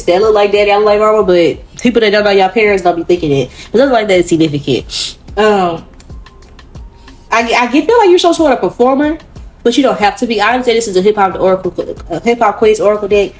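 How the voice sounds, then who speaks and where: A woman's voice: medium pitch, a little mellow. A woman giving a casual pick-a-card tarot reading, talking in a chatty, rambling way with a lot of swearing and laughter. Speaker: tarot reader.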